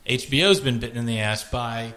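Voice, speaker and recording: Bright-voiced rambling podcast host man. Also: medium pitch, a little fast. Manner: rambling, profane, joking. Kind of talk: casual chat.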